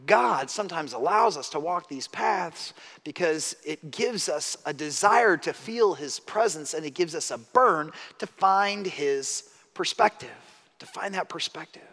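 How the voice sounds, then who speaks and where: A middle-aged man preaches a storytelling sermon in a large hall with a long reverb. His voice is bright and slightly high for a man. He drops to hushed asides and builds to loud, emphatic peaks. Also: lively intonation, measured pace, few pauses. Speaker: pastor.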